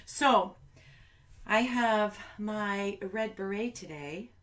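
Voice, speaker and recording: A woman's voice: mid-range voice, very slow, a bit bright. A woman children's musician chatting between songs on a live stream from home, rambling and talking straight to parents and kids.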